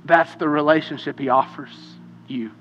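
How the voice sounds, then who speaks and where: A man preaching a sermon as pastor, impassioned and swinging between hushed and loud passages. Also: a little high, steady tone, normal speed, lo-fi sound, faint music behind. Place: church sanctuary. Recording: long hall reverb.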